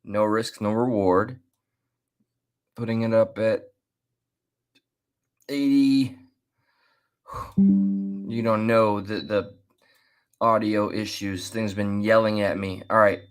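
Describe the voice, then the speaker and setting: A man's voice: fairly low pitch, steady tone, clear, resonant tone, soft background music. A man casually commenting while reacting to a clip, chatty and rambling, with restarts. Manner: chatty, laughs and restarts, drawn-out asides. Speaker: commentary host.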